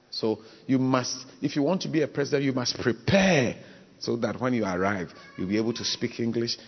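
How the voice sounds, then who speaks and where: Man preaching in a hall. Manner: repetitive, asks listeners if they understand; mimics high voices for humor. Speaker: pastor. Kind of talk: preaching sermon. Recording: dull, reverberant hall.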